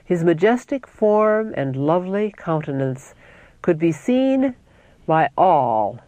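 A reader giving a solemn, deliberate reading of a devotional text, quoting scripture and citing verses. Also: medium pitch, sing-song, mellow, dry recording, lo-fi sound.

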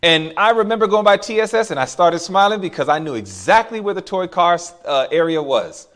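A man's voice: sits high, animated, fairly quick, fairly bright tone. A man preaching to a congregation, telling a story from his childhood and calling out to the crowd. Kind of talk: sermon.

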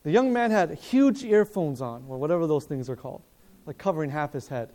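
A man preaching at a seminar, telling a story in a lively way, acting out the dialogue and asking his listeners questions, speaking in a hotel seminar room. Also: on the high side, a little fast. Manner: animated, acts out dialogue, asks the audience questions.

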